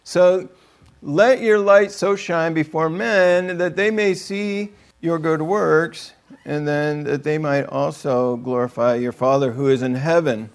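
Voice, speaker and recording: A man's voice: fairly high pitch, fairly even intonation, takes it slowly, smooth. A man preaching a conversational sermon, joking with the room and acting out quotes in other voices. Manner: joking, chatty, acts out quotes.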